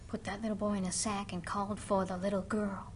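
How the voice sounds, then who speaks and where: A woman's voice: medium pitch, level tone, a little fast, slight background noise. A woman telling a folk tale dramatically, dropping to whispers for suspense. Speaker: storyteller.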